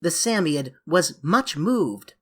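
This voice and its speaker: A woman narrating a classic children's novel as an audiobook, in a measured, expressive storytelling manner. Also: low voice.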